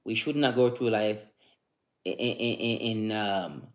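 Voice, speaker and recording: A man hosting a live stream, giving a casual motivational talk in a relaxed, rambling way, often repeating words and restarting sentences. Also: fairly low pitch, slow.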